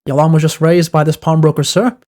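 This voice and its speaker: A man's voice: fairly high pitch, flat delivery, quick pace, mellow, natural voice. A man voicing a plodding adult male police constable in stiff, formal questions.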